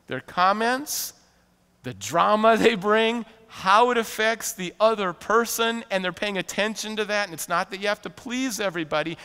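A man preaching a sermon as pastor, animated and conversational, often laughing and acting out quotes. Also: high-pitched, clean tone, in a large hall. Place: church sanctuary.

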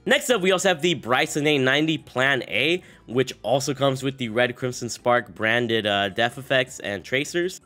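A young man narrates a gaming video in a casual, upbeat way despite a sick voice. He rambles a little, with frequent fillers and restarts. His pitch sits in the middle range for a man. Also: moderate pace, few pauses, pushed and bright, faint music behind. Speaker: gaming YouTuber.

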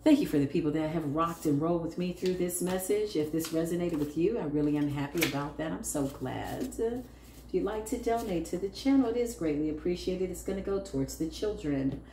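Sassy low-voiced woman reading tarot. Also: animated, a little fast, mellow. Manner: sassy, blunt, laughing, calls listeners "child". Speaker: tarot reader. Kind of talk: casual tarot reading to viewers. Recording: echoey room with faint noise.

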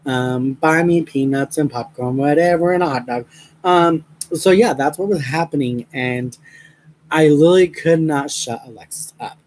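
A man's voice: a little high, normal speed, darkish tone, slight background noise, rough recording. A young man chatting to his viewers while crafting, rambling with many fillers and frequent laughs, mentioning a headache. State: has a headache. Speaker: crafting vlogger.

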